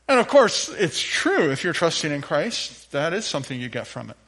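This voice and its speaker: A man preaching a sermon at church as the pastor, playful and animated, with the congregation joining in. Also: a little high, normal speed, few pauses. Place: church sanctuary.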